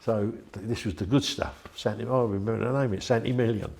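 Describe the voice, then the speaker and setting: A man's voice: lowish voice, fairly even intonation, fairly quick, creaky, darkish tone. An older man, chatty and rambling as he tells anecdotes in an interview. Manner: rambling, chatty, with frequent restarts. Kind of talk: anecdotal storytelling.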